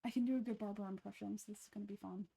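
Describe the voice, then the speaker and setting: A woman's voice: medium pitch, fairly even intonation, rapid-fire, vocal fry, mellow, husky. A young woman chatting casually over gameplay in a self-deprecating, giggly way. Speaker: voice acting hobbyist.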